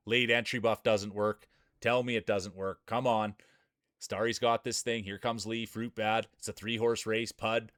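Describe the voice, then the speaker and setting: A man's voice: fairly low pitch, fairly bright tone, smooth, no echo, studio quality. Hyped streamer man calling marble races. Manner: hyped, announcer-style, greeting chat by name. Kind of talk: mock sports play-by-play commentary.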